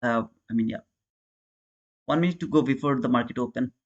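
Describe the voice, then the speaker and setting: A man's voice: medium pitch, brisk, muffled recording. A man with an Indian accent chatting casually with viewers while he hosts a live trading stream, calling them brother and answering chat. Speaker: day trader and live-stream host.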